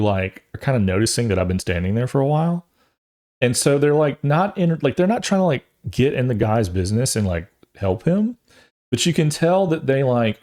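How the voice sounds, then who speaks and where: A podcast host in his thirties, with a mid-range voice and dark tone, tells a long, rambling story casually while acting out other people's voices along the way.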